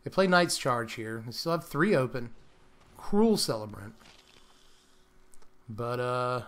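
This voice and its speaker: A man's voice: medium pitch, expressive, slow, pauses often, a bit bright. A young man giving casual, playful commentary on a card game, laughing often and sometimes slipping into a mock British accent. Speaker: gameplay commentator.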